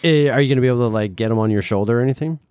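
A man's voice: mid-range voice, very fast, darkish tone, smooth, no echo, clean studio sound. A middle-aged man and father hosting a podcast, chatting casually in a playful, teasing way. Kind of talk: casual family chat.

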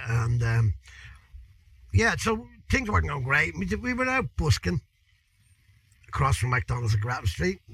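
A man in his fifties with a Dublin accent, telling a story as an interview guest in a colloquial, animated way, with plenty of swearing. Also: medium pitch, gravelly, slightly rough, no room sound, low-quality recording. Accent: Irish, Dublin. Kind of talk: anecdotal storytelling.

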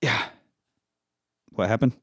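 A man's voice: takes it slowly, no echo, studio quality. A man casually recapping a film on a podcast, swearing freely and quoting characters as he goes. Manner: profanity-laced storytelling with quoted character voices.

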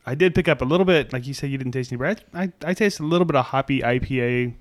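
A man's voice: medium pitch, racing. A man co-hosting a casual podcast, easygoing and agreeable as he gives his beer score. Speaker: podcast co-host keeping scores. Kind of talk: casual beer-review chat.

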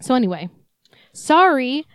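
A woman's voice: high-pitched, very animated, a little slow, a bit bright, clean tone, dry recording. Young female podcast co-host, rambling storyteller, swears, dry close sound. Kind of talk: casual chat.

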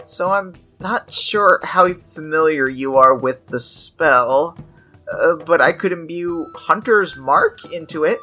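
A woman's voice: deep voice, animated, slow pace, pushed and bright, soft background music, full character voice. A woman voicing a polite female dwarf artificer who runs a shop and tries to keep the peace. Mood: helpful. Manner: polite, accommodating.

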